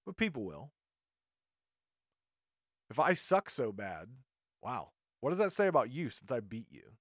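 A man's voice: medium pitch, big pitch swings, a little slow, dry recording, studio quality. A man hosting a podcast, ranting indignantly in a monologue and often restarting his sentences. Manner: indignant, rambling with frequent restarts. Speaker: podcast host.

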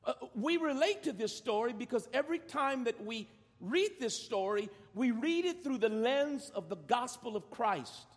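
High-voiced pastor preaching in a reverberant hall. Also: male voice, animated, moderate pace. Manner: repeats words when starting a phrase. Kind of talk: sermon. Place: large church sanctuary.

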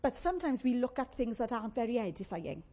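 Woman preacher, conversational, breathy higher voice. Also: fast talker. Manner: animated, conversational, playful asides to the congregation. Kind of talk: sermon.

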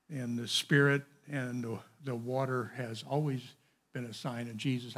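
A man's voice: mid-range voice, husky. A man leading an informal Bible study, reading passages aloud and adding digressive, conversational commentary.

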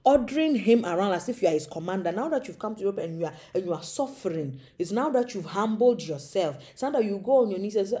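Warm-voiced woman, comic monologue. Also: medium pitch, fast, few pauses. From Africa. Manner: animated, acts out little voices. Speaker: comedic storyteller. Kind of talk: comedic monologue.

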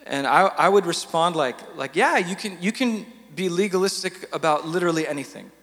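A man leading a church panel discussion in a relaxed, conversational way, stumbling over and repeating words as he thinks aloud. His voice sits a touch high. A long reverb of a large hall trails after him. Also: fairly quick.

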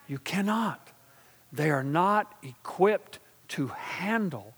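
A middle-aged man preaching to his congregation in a fairly high voice, with a long hall reverb trailing behind him. He drops to slow, hushed intensity and then climbs into loud, driving emphasis, checking in with his listeners as he goes. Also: lively intonation, breathy edge. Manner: preaching with call-and-response asides to the congregation; shifts from quiet, slow intensity to loud, emphatic build-ups. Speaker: pastor. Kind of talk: sermon.

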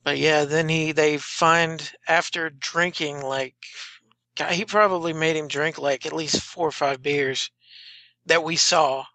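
Podcast co-host, man, bright tone, halting recall, dry sound. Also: a little high, fairly even intonation, no room sound. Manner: hesitant, trails off and restarts while recalling. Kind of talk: casual film-discussion chat.

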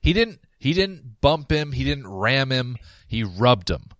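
A man's voice: medium pitch, very animated, measured pace, no echo. A man co-hosting a casual movie podcast, talking in a laid-back, joking way. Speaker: podcast co-host.

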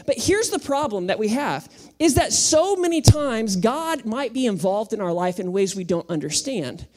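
A man in his thirties preaching a sermon as pastor, in a relaxed, conversational way full of everyday anecdotes. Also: high voice, normal speed.

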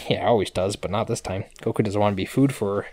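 A man with a fairly low voice talks through the plot of a cartoon episode in loose, casual podcast chat. He rambles and swears freely as he goes. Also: a little fast. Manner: rambling, profane play-by-play retelling. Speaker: podcast co-host recapping episodes.

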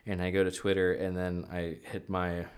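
Low-voiced man telling rambling stories. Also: completely flat delivery, normal speed, clean tone. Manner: rambling storyteller, acts out quotes. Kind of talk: casual chat.

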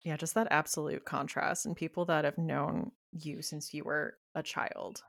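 Low, gravelly-voiced woman host. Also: normal speed. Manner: brief reactions and relaxed questions. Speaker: podcast host. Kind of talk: casual interview.

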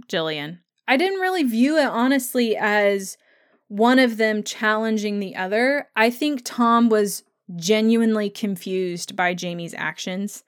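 A woman hosting a casual podcast who reads listener comments aloud and chats about them, laughing often. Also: mid-range voice. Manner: chatty, laughs often, acts out scenes with quick voices. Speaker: podcast host.

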